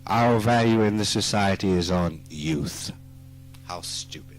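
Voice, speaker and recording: Man, Southern US accent, spiritual teacher; slow emphatic delivery with teasing bursts, lower voice, old archive tape with soft music. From Mississippi. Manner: slow, emphatic, teasing, rising to animated outbursts. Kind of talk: spoken dharma talk. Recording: archive talk recording with faint music.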